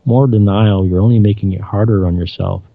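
A man reading out the lines of a manipulative male alien entity in a quieter, flat delivery. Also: on the low side, a little fast, vocal fry, no room sound. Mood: coaxing. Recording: dull lo-fi dry recording.

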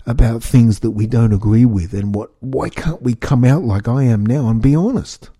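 A man's voice: mid-range voice, normal speed, hardly any pauses, dark tone, husky, no room sound, studio quality. A man hosting a solo podcast, ranting angrily with repeated restarts and swearing. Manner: angry, repetitive, swearing, stumbling restarts. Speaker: podcast host.

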